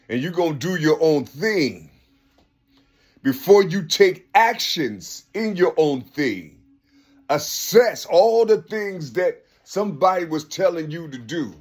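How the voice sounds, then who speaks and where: Man, fairly high voice, street-wise mentor, preachy and insistent, leans on "you see?". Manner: street slang, earnest and insistent. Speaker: speaker giving life advice. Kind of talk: informal spoken advice.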